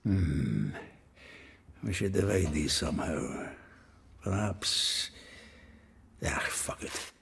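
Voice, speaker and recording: Zoltan, a gravelly dwarf. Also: male voice, sits low, animated, extremely slow, long pauses, a bit bright, full character voice. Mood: brusque. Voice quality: gravelly, earthy, coarse-spoken. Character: gruff boisterous male dwarf companion. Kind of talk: video game voice acting.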